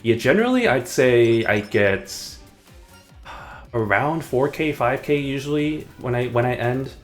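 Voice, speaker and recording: A man's medium-pitched, lively voice carries over faint background music as he streams a game live at a measured pace. He chats casually, rambles, and mutters to himself between chuckles.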